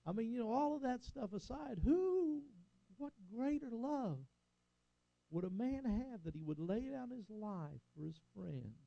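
A man's voice: high-pitched, lively intonation, normal speed, creaky, few pauses, mellow, dry recording, highs cut off. An older man preaching a sermon as a pastor, rising and falling for emphasis and calling out "Amen?" to the congregation.

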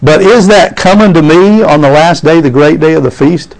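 A man's voice: a little high, moderate pace, gravelly, a little mellow, poor audio. A man preaching a sermon, reading scripture aloud and calling out "amen?" to his congregation.

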